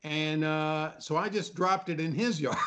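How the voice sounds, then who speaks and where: An older man in casual chat, telling animated anecdotes and acting out the people in them. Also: a little high, slight background noise. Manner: animated anecdote teller, acts out quoted voices. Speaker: panel guest.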